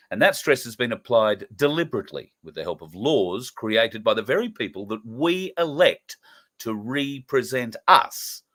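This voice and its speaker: A man's voice: lowish voice, a bit bright. A middle-aged man with an Australian accent hosting an earnest political commentary show, talking emphatically with frequent fillers. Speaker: host.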